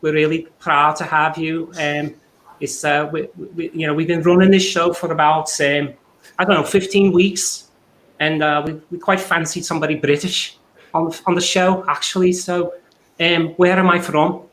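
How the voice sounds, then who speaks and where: A man's voice: a little high, little pitch movement, normal speed, a bit bright, voice pushed up, lightly acted. A man putting on a Liverpool accent, playing a chatty, rambling bloke welcoming a guest. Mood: cheery. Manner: cheery, rambling with fillers.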